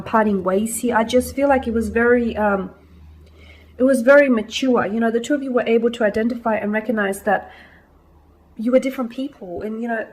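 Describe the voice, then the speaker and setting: A woman's voice: on the high side, a little mellow, a little hiss or hum, rough recording. Reassuring woman giving a tarot reading. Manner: reassuring, repeating "I feel like" and "I'm seeing". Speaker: tarot reader. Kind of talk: casual tarot reading to viewers.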